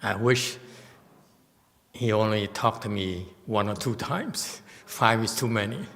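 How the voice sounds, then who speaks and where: A man's voice: lowish voice, slow pace, a bit bright. A man giving a Dharma talk to a meditation class in a temple hall, blunt, emphatic and self-mocking. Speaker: meditation teacher. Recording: long hall reverb.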